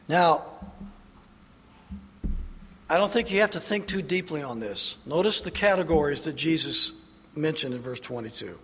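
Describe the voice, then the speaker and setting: A man's voice: fairly high pitch, expressive, fairly bright tone, a little hiss or hum. A man preaching a sermon, emphatic, pressing his listeners with rhetorical questions. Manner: emphatic, rhetorical questions, slow deliberate delivery. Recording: long reverb of a large hall.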